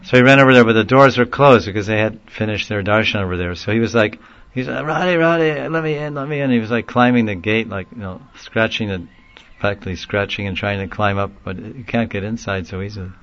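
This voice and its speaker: A man telling a long story in a casual, rambling way, often laughing and getting animated when he quotes people. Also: lowish voice, fast, highs cut off. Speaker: speaker recounting a story in a class. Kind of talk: informal storytelling talk.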